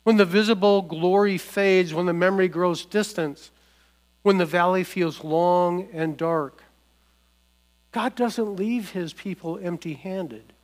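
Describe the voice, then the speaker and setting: Measured, unhurried male preacher. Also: sits high. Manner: measured, declarative preaching with deliberate pauses. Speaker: pastor. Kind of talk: sermon.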